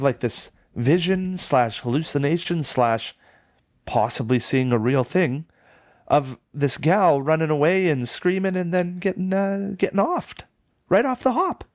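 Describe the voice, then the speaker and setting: A man co-hosting a casual film podcast, telling the story in a jokey, profane, excitable way. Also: fairly high pitch, measured pace, no echo, clean studio sound. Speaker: podcast co-host reviewing films.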